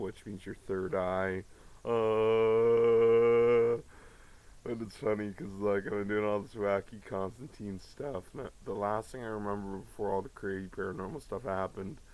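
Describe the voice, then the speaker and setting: A man's voice: fairly low pitch, a little mellow, rough recording. A man talking to his viewers in a rambling monologue, profane and jumping from one topic to the next. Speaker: vlogger.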